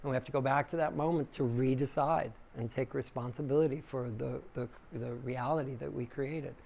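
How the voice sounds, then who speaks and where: A man gives a relaxed spoken talk on yoga breathing to a small group in a room. His delivery is casual and chatty, with the plain middle pitch of an everyday male voice, and he answers listeners' questions as he goes. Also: fairly quick, vocal fry, a little hiss or hum. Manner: casual and conversational, acts out inner voices loudly with big pitch jumps. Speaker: yoga teacher giving a dharma talk. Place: small room with a live audience.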